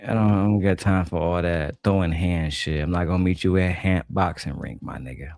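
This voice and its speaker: A man's voice: sits low, brisk, gravelly, darkish tone, no echo, studio quality, faint music behind. A man from Detroit giving blunt, mocking, heavily profane reaction commentary on a panel clip. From Detroit, USA.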